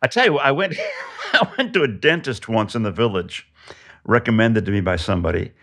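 An older man, a guest in an interview, telling an anecdote in a lively, laughing way. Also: lowish voice, a little fast. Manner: animated, laughing storyteller. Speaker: guest, film director and puppeteer. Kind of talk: casual interview chat.

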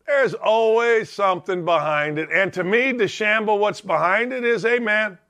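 A man's voice: high voice, moderate pace, few pauses, pushed and bright. A middle-aged man hosting a sports talk show, delivering a brash, rambling monologue and calling out to chat viewers.

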